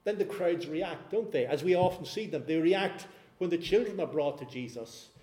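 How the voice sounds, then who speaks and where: A man preaching a sermon, telling a scripture story in an animated way. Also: on the high side, normal speed, roomy sound.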